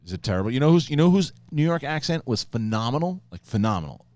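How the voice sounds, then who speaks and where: A man's voice: medium pitch, very animated, fast talker, a little mellow, dry recording. A man hosting a casual panel chat, rambling through stories with frequent laughs and restarts. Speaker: show host.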